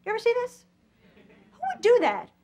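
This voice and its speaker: A young woman from Long Island, a stand-up comedian on a TV studio stage, with a quick, punchy delivery. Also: very high voice, big pitch swings. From Long Island, New York. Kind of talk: stand-up routine and talk-show chat. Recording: loud studio audience and noisy broadcast.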